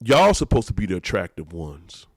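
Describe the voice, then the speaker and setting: Gravelly low-voiced preaching man. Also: normal speed, dry recording, studio quality. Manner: emphatic, repeats phrases, lively. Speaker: pastor and podcast host. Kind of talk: preachy casual podcast talk.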